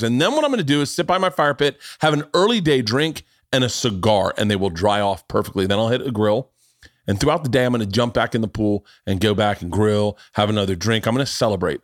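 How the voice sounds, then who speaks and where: A middle-aged man hosting a podcast, talking in a loose, animated way. His pitch sits in a typical middle range. He swears freely in his stories and runs his ad reads in the same casual chat. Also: no room sound, studio quality. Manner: animated, profane storytelling. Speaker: podcast host.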